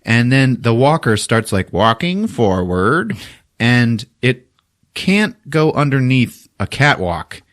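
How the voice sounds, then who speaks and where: Animated man, lively swearing storyteller. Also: mid-range voice, takes it slowly. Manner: animated, swears often, acts out quotes in silly voices. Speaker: podcast host recapping a film. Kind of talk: casual profane retelling. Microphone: podcast mic.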